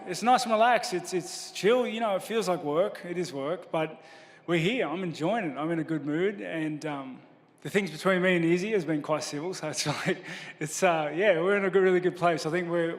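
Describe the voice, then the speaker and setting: A man answering questions as a fighter at a press conference, modest and halting with many restarts. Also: on the high side, long reverb tail.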